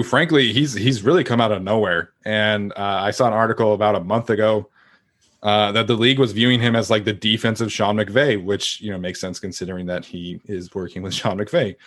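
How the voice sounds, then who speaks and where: A man's voice: lowish voice, fairly bright tone. A man hosting a casual sports podcast, talking in a chatty way and laughing between points.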